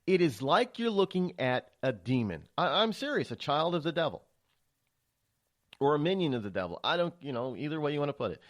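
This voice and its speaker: Male radio host, solo monologue, rambling and stammery, lively pitch that swings up and down. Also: a little fast. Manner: rambling, with frequent restarts and stammers; animated, emphatic delivery.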